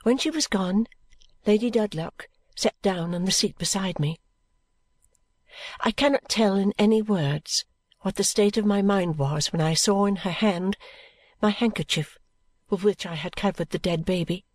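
Woman reading an audiobook, calm even narration, mid pitch, dry close sound. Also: a little slow, dry recording. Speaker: audiobook reader. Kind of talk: first-person audiobook narration.

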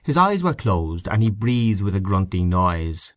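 A man giving a measured, expressive reading of a short story as its narrator. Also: low-pitched, no echo. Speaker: audiobook narrator.

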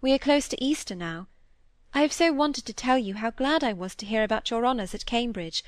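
A woman's voice: a little high, animated, brisk, no echo, pitched above the performer's own voice, natural voice. A woman voicing a shy, sincere young woman who speaks earnestly and a little wistfully, in an audiobook reading.

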